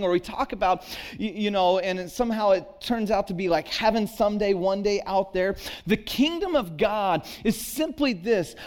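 A man's voice: sits high, darkish tone. A man in his thirties preaching a sermon in an earnest, conversational way, climbing to emphatic peaks. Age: 30s. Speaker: pastor.

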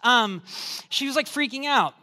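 A man preaching a sermon as pastor, telling a humorous story in an animated, joking way. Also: very high voice, normal speed. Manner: animated, joking storyteller, acts out quoted voices.

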